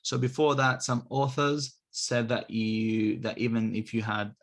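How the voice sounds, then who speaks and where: A man giving a recorded university lecture on linguistics, explaining step by step and repeating example words slowly to show how they sound. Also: medium pitch, flat delivery.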